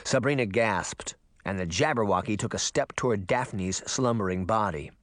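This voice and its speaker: A man narrating an audiobook with expressive, dramatic storytelling. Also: fairly low pitch, moderate pace, dry recording, studio quality. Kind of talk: audiobook reading.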